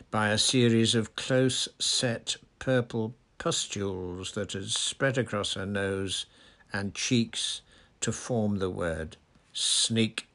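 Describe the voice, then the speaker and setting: A man reading a story aloud in a measured, plain narrating voice. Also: on the low side, a bit bright. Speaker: audiobook reader.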